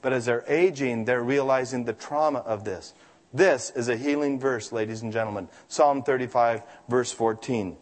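A man preaching a sermon in an emphatic, animated way, breaking into dramatic asides. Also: medium pitch, moderate pace. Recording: long hall reverb.

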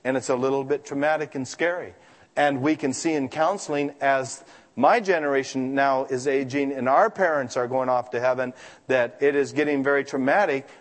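Preacher with a booming hall echo. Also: male voice. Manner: emphatic, animated preaching with dramatic asides. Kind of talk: sermon. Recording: long hall reverb.

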